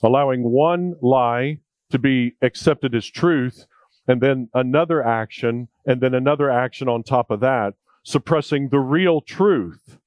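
A man's voice: medium pitch, a little mellow, no room sound. A male preacher delivering a sermon in a conversational, jokey way, repeating key points for emphasis.

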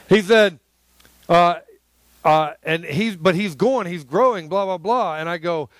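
Pastor guy preaching, high voice, chatty then suddenly punchy, dry close sound. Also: normal speed, no room sound. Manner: emphatic, conversational preaching with sudden loud bursts. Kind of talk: sermon.

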